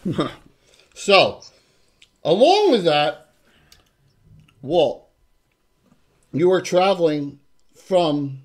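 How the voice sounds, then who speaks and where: A man's voice: on the high side, big pitch swings, very slow, long pauses. A man narrating as game master of a tabletop game, loose and joking, with frequent restarts.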